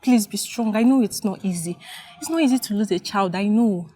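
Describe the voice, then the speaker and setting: A woman playing a sympathetic friend who soothes a grieving woman, repeating gentle reassurances. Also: mid-range voice, brisk, faint music behind, close to an everyday voice. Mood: consoling. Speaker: actress in a film. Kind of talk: film drama acting.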